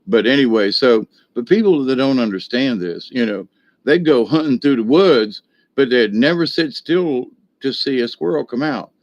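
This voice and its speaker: A man's voice: medium pitch, animated, normal speed, no room sound, dull audio. Folksy older man rambling through a story. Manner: folksy, rambling, many fillers and restarts. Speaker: video host.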